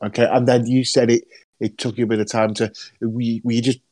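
A man's voice: medium pitch, level tone, quick pace, a little mellow, dry recording. A man hosting a casual podcast, teasing his co-hosts with jokey banter. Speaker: podcast host.

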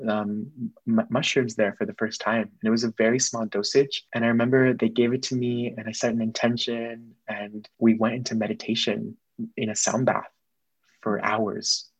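A young man, a guest, telling a personal story in casual conversation, quick and earnest, slipping in Spanish phrases. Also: mid-range voice, little pitch movement, husky, dry recording, low-quality recording.

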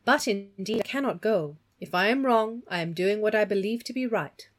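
A woman's voice: mid-range voice, normal speed, lightly acted. Woman voicing an earnest, principled young lady. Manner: earnest, firm.

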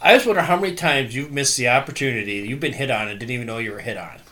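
A man's voice: mid-range voice, rapid-fire, sharp tone. A man hosting a podcast, teasing and joking in casual chat. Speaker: podcast host.

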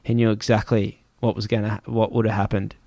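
A man telling a travel story in casual chat, animated and swearing, acting out other people's voices. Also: lowish voice, a little fast, dry recording.

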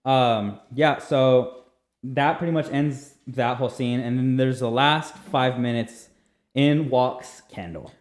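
A man's voice: mid-range voice, slow pace. Chatty young man in an echoey room. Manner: rambling, joking, mimics people he describes. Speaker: podcast co-host. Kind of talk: casual recap chat. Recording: roomy echo.

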